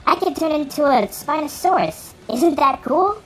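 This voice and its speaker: Woman as eager teen dino girl, high and bouncy, fan audio story. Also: normal speed. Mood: excited. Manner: excited, eager chatter. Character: bubbly teenage girl who turns into a dinosaur.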